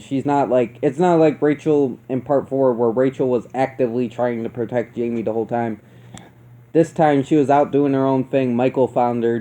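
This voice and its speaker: A man's voice: mid-range voice, dark tone. Profane rambling man reviewing a horror film. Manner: profane, rambling, laughs often. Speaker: movie reviewer. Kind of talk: casual film review rant.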